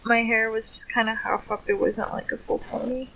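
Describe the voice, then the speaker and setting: A young woman co-hosting a casual podcast call, protesting in exasperation and often trailing off softly. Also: fairly high pitch, little pitch movement, normal speed, gravelly, low-quality recording. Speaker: podcast co-host. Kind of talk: casual chat with friends on a call.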